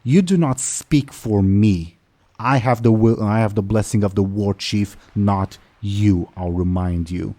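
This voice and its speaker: A man's voice: fairly low pitch, takes it slowly, a little mellow. A man voicing a proud, hostile young female orc captain in a tabletop game, talking scornfully and threatening. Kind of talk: tabletop game role-play.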